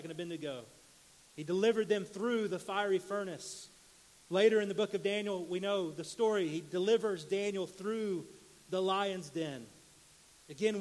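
A man preaching a sermon, walking through Bible stories and reading scripture aloud with animated emphasis. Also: in a large hall. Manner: animated reading of scripture, rises in pitch and volume for quoted cries.

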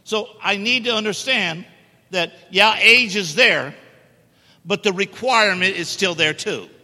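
Bright-voiced preacher in an echoey church. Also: male voice, sits high, measured pace. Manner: emphatic, joking with the congregation. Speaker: guest preacher. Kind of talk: sermon. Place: church sanctuary. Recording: echoey church hall reverb.

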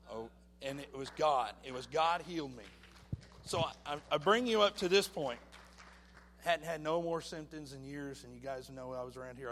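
Man sharing a personal testimony, mid-range voice, lively storytelling with acted-out voices; faint hum under the recording. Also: mid-range voice, in a large hall. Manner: animated storytelling, acting out voices. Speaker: church testimony speaker.

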